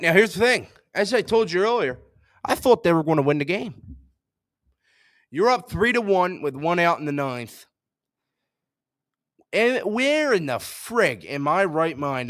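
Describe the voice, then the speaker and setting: A young man hosting a sports show, ranting in frustration, jumping between loud outbursts and low mutters. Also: no echo, studio quality.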